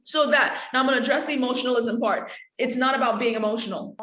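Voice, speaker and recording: Animated woman teaching an acting class. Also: on the high side, quick pace. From Caribbean. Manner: animated, talks to the room, acts out examples. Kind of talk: acting workshop talk. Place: workshop room. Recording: echoey room.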